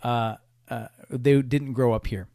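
A man's voice: medium pitch, steady tone, measured pace, gravelly, dark tone, no echo. Wry, profane man with a dry sound. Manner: profane, wry, rambling with restarts. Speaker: podcast host. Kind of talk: casual storytelling monologue.

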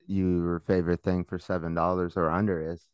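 A man's voice: sits low, little pitch movement, fairly quick, a little mellow, clear, resonant tone, no room sound, clean studio sound. A man co-hosting a podcast, chiming in with short quips and questions in casual banter. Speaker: podcast co-host.

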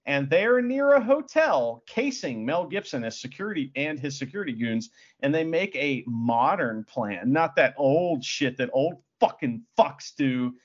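A man's voice: mid-range voice, big pitch swings, measured pace, hardly any pauses, highs cut off. A man co-hosting a casual film review podcast, sarcastic and swearing, with frequent laughs. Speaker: podcast co-host. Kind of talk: casual movie review chat.

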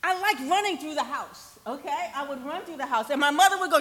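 A woman pastor, preaching a sermon in a conversational style that sometimes drops to a soft near-whisper for emphasis. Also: sits high, animated, a little fast, in a large hall. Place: church sanctuary.

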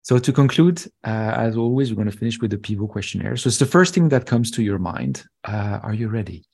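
A man hosting an interview, asking brief, measured questions and giving short affirmations. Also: on the low side, animated, darkish tone, slightly rough. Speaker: host.

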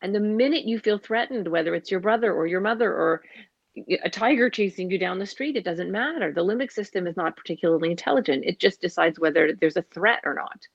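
Woman, earnest, animated, conversational, dull muffled sound, dry room. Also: on the low side, brisk, gravelly, no room sound. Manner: earnest, animated, acts out parent and child voices. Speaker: parenting guest speaker. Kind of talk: casual conversational explanation.

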